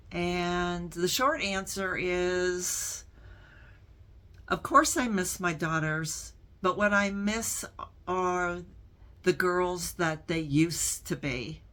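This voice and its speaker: A middle-aged woman hosting her own channel, answering viewer questions in a casual talk to camera, speaking in a slow, reflective way with frequent pauses. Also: lowish voice, pushed and bright. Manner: slow, deliberate and reflective, pausing often between phrases.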